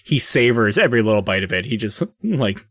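Low-voiced man narrating as dungeon master. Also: lively intonation, a bit bright, no room sound, studio quality. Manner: casual, halting with many fillers. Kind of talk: narrating a tabletop game.

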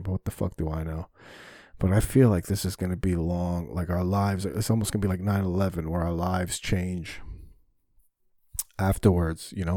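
A man hosting a solo podcast rambles candidly and reflects on himself, swearing often when frustrated. His voice sits low with a dark tone, recorded at studio quality with no echo.

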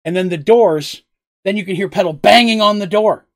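A man's voice: high voice, moderate pace. A man narrating a tabletop role-playing game as game master, in a loose, rambling way with frequent asides.

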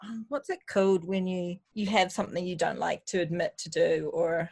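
A woman's voice: lowish voice, flat delivery, normal speed, vocal fry, darkish tone. A woman with a New Zealand accent chatting casually as a podcast guest, laughing often and poking fun at herself. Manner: laughs often, self-deprecating. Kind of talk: casual chat.

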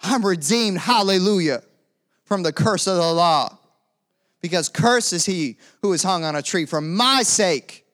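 A young man preaching a lively sermon, calling out to the congregation and asking them to repeat after him. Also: high-pitched, measured pace. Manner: energetic call-and-response preaching.

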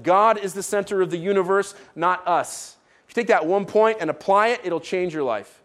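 A man's voice: sits high, normal speed, fairly bright tone. Emphatic male pastor preaching. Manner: emphatic, repeats key points, asks "right?". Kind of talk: sermon.

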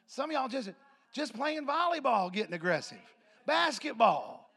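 High, bright-voiced preacher. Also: male voice, big pitch swings, normal speed, creaky, breathy edge. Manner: storytelling preacher, acts out voices and loud laughter. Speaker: pastor. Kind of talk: sermon. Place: church sanctuary with congregation.

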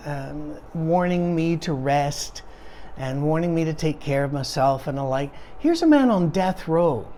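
A man's voice: a little high, dark tone, slight background noise. A man, a pastor, leading a conversational Bible study, sounding tired and rambling from point to point with many fillers and restarts.

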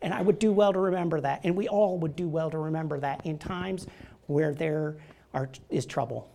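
A man gives a casual sermon in a church, chatty and joking, frequently asking the congregation "right?". His voice is a little high, gravelly and mellow, at a normal speed.

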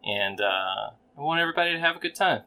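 A man's voice: fairly high pitch, expressive, fast talker, bright, forceful tone. A man hosting a podcast in casual chat, tossing in dry joking asides and wrapping up the episode. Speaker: podcast host.

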